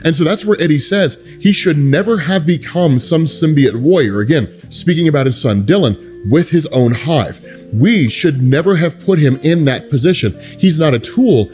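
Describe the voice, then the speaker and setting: A man's voice: fairly high pitch, darkish tone. A man in a casual, conversational style, explaining a comic book story and often adding asides like "right?". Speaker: comic book recap host.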